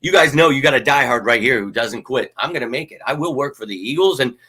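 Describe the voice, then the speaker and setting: A young man hosting a fan channel, talking in a casual, rambling, animated way with lots of fillers and sudden shouted bursts. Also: mid-range voice, fast, slightly rough. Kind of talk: casual livestream talk.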